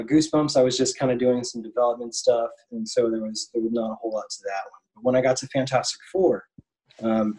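A man in his thirties tells a long story as an interview guest, stopping and restarting with plenty of ums. His voice sits at an ordinary middle pitch, and he keeps the tone loose and conversational. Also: warm tone, low-quality recording. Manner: rambling, many ums and restarts. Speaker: animator guest.

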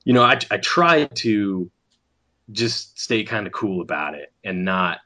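A man, an animator, telling a story in casual conversation, acting out the other people's lines with quick restarts. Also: on the low side. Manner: animated, acts out quoted voices, restarts often. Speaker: animator guest.

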